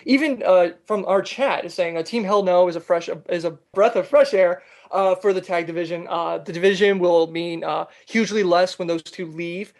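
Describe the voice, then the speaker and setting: High-voiced man hosting a podcast. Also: normal speed, hardly any pauses. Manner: animated, lots of fillers, reads comments aloud. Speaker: podcast host reading viewer comments. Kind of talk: casual podcast debate.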